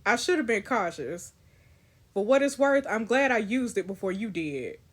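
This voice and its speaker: A woman voicing a solemn, scarred young woman in a story game, speaking calmly and gravely. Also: medium pitch, moderate pace, close to an everyday voice. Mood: somber.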